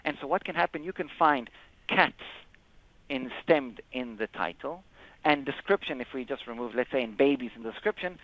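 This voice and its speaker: A man presenting a live software demo in a webinar, explaining step by step and often correcting himself. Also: mid-range voice, animated, no room sound. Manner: halting, explains step by step with frequent self-corrections. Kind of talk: live screen-share product demo. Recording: dull lo-fi webinar audio.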